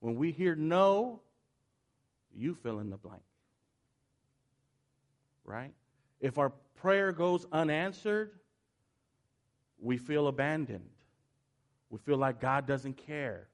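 A man teaching from scripture. He reads the passages quietly and evenly, then explains them with earnest emphasis. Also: a little high, lively intonation, slow, long pauses. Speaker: Bible teacher.

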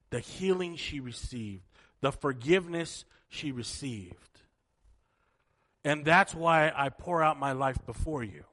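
Animated male preacher telling a story. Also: a little high. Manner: animated storyteller, swelling to emphatic peaks. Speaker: pastor. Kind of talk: sermon with storytelling and prayer.

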